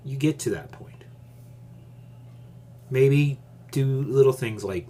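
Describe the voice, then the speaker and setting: A man hosting his own channel, giving advice in a calm, measured, deliberate casual monologue. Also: mid-range voice, slight background noise.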